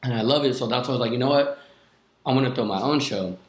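A man's voice: medium pitch, fast. A young man, a DJ guest on a podcast, telling his story in a loose, casual way, swearing often and filling with "like". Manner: loose, swears a lot, many "like" fillers. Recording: echoey room.

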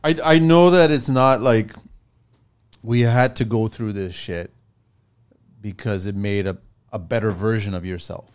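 A man's voice: lowish voice, a little slow, pauses often, smooth. A man hosting a casual podcast about the trades, talking bluntly and conversationally. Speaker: podcast host.

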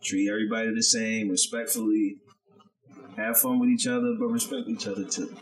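A fairly low-pitched, expressive man speaks briskly on a low-quality recording. He's a chef co-hosting a podcast, telling a story in casual chat while acting out the people he quotes and swearing freely.

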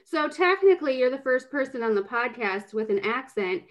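Chatty high-voiced woman podcast co-host. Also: animated, moderate pace, noisy background. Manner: chatty, rambling, many fillers like "um" and "like". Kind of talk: casual podcast chat.

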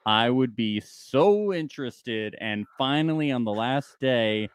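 Brief: male podcast co-host, lively swinging delivery, dry close sound, casual and profane. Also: mid-range voice, takes it slowly, clear, resonant tone, no echo. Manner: animated, swears, acts out his reactions. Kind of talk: casual chat about reality TV.

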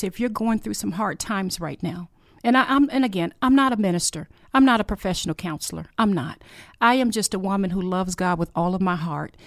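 A middle-aged woman speaks close to the mic in a dry, dead room, sharing a personal faith testimony. Her voice is earnest and heartfelt, at times emotional, with a mid-range pitch. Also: no room sound. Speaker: podcast host.

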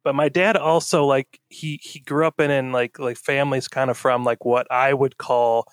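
A man's voice: medium pitch, fairly even intonation, normal speed, clear, resonant tone, no echo, clean studio sound. A man with a young daughter chatting casually on a podcast, rambling with lots of fillers and restarts. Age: adult with a young daughter. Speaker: podcast co-host. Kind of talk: casual chat.

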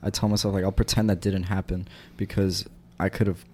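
A man's voice: low voice, flat delivery, brisk, a little mellow. A man in casual chat, telling stories loosely with many fillers. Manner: loose, filler-heavy storytelling. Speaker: cyclist in conversation.

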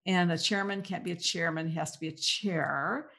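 Woman co-host, lowish voice, dry mocking delivery, rattles off lists. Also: normal speed, a bit bright. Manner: sardonic, mocking, lists things off. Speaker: podcast co-host. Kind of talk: political talk show chat.

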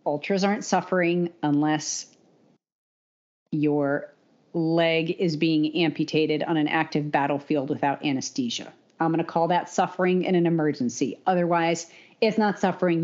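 Opinionated woman on a lo-fi podcast. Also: deep voice. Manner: animated, opinionated, laughs often. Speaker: podcast co-host and running coach. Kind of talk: casual podcast chat. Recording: dull lo-fi podcast audio.

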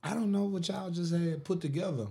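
A man on a sports debate panel talks in a loose, slangy way with a fairly high voice. He hammers his picks home, repeating them for emphasis. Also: brisk, vocal fry, mellow. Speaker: panelist on a sports talk show. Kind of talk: casual sports debate chat.

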